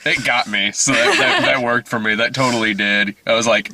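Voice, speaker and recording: A man's voice: medium pitch, normal speed. A man chatting casually in a dim movie theater after a screening, laughing often as he reviews the film. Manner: giggly, laughs often, animated.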